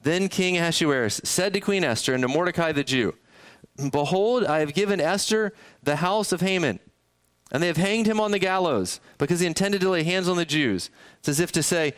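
The pastor's voice leans high and fairly bright, animated and a little fast. He preaches in a church sanctuary in a conversational style, often questioning the congregation.

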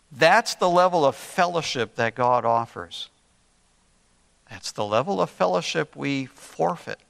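An older man preaching a sermon, telling a story earnestly with slow, deliberate emphasis. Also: medium pitch, creaky, fairly bright tone. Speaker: pastor. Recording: long reverb in a large hall.

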